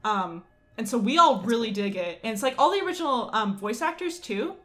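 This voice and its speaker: A young adult woman co-hosting a casual chat, rambling and animated, full of fillers. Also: on the high side, a little fast.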